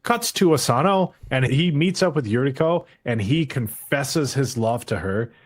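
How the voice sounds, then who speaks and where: A man co-hosting a podcast, casually recapping an episode, acting out lines in quick mock voices and swearing freely. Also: mid-range voice, lively intonation. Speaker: podcast co-host.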